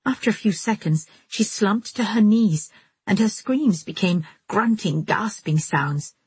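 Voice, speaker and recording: Audiobook reader, husky low female voice, dry close mic. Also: measured pace, no room sound. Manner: steady, storytelling first-person. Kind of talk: audiobook narration.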